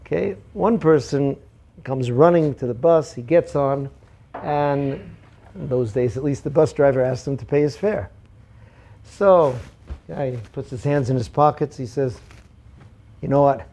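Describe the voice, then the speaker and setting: A man's voice: mid-range voice, measured pace, warm tone. A man teaching a Torah class, telling parables and acting out the quotes in them. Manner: storytelling, acts out quotes.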